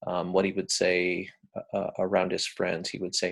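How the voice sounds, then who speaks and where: Man, American accent, lecturer, deep voice, gravelly, halting with fillers. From United States. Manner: relaxed, hesitant, many ums and uhs.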